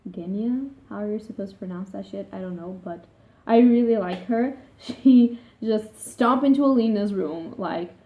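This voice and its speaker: A woman's voice: mid-range voice, normal speed. A woman vlogger chatting casually about a book she is reading, rambling and swearing freely. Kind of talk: casual vlog chat. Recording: tinny phone-like sound.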